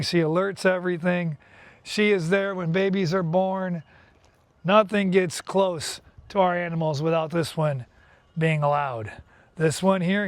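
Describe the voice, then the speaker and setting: A farm owner who hosts his own channel chats easily about his animals outdoors, calling to his dogs again and again to coax them over. Later, inside his house, he explains things in a relaxed way while reading from a website. His voice is high-pitched and the recording is dry.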